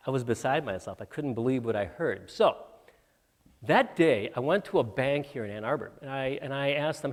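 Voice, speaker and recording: A man's voice: medium pitch, expressive, moderate pace. A man from Michigan, a guest entrepreneur, telling stories from his life to students in a lecture, with many fillers and restarts. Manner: anecdotal, with frequent fillers and restarts. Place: university auditorium. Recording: reverberant auditorium.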